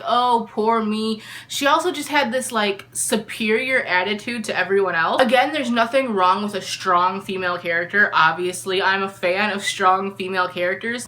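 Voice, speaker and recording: A woman's voice: medium pitch, bright, forceful tone. A woman giving an exasperated, opinionated review of a book in a casual vlog.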